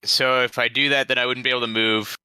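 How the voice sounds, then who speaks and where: A man who is a player in a tabletop game, chatting casually and giving upbeat, quick reactions. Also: mid-range voice, flat delivery, pushed and bright, smooth, dry recording.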